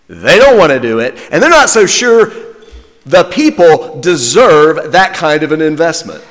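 Man, pastor, sermon, unhurried, wide-ranging pitch, long church reverb. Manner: lively preaching with wry humor. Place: church sanctuary.

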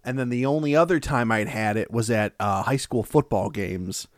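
A man's voice: lowish voice, moderate pace, dry recording. A man co-hosting a podcast in casual chat, rambling and joking crudely with many filler words, into a studio mic. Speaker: podcast co-host.

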